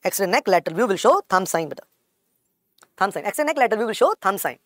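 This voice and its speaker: Fast-talking Indian woman lecturer. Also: medium pitch, very animated, no room sound, studio quality. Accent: Indian English. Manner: repetitive, drilling key terms, calls students "beta". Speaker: medical teacher. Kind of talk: classroom lecture.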